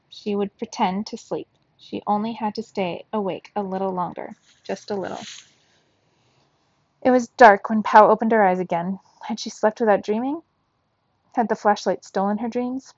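Brief: woman reading a children's novel aloud, husky and gravelly, dry dull lo-fi recording. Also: medium pitch, dry recording. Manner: steady storybook narration. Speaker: reader.

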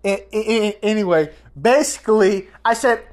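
A woman hosting a casual podcast, telling a family story in a rambling, animated way with many restarts. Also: fairly high pitch, moderate pace. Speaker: podcast host.

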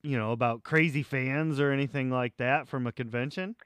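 A man hosting a podcast, asking questions and reacting in a relaxed, casual interview. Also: mid-range voice, fairly quick, clean tone, no room sound, clean studio sound. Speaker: podcast host.

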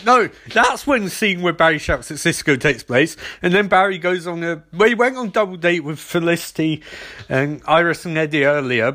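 Man, sarcastic recap host, rambling, slightly high voice. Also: a bit bright. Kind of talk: comedic TV episode recap.

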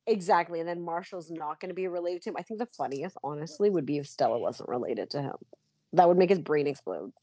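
A woman's voice: sits low, expressive, fast talker, mellow, muffled recording. A woman co-hosting a podcast in casual chat, laughing often and reacting briefly. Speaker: podcast co-host.

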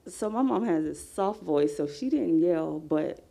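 A woman slowly and plainly telling a group about her mother. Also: low-pitched, expressive, gravelly, warm tone. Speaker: group participant. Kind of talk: personal story in a group discussion.

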